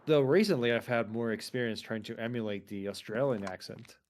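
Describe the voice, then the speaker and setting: A man chatting casually while gaming with friends, wry and playful, thinking out loud. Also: mid-range voice, fairly quick, a little hiss or hum. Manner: wry, playful, ponders aloud. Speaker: co-player.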